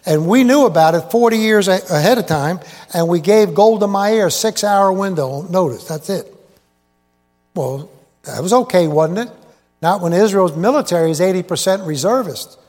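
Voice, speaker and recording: A high-pitched male preacher delivers a wandering, joke-laced sermon in a big hall. His talk is folksy and full of asides, and he keeps quizzing the congregation. A long reverb trails every phrase. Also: lively intonation, normal speed, a little mellow. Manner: folksy, digressive, quizzes the audience. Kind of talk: rambling sermon with jokes and asides. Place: large hall with live congregation.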